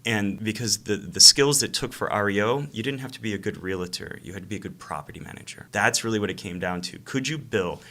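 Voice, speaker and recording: Male interview guest, deep voice with a bright edge, acts out dialogue as he narrates. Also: brisk, hardly any pauses. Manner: animated storyteller who acts out phone calls. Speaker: real estate investor and coach, interview guest. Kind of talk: casual storytelling in an interview.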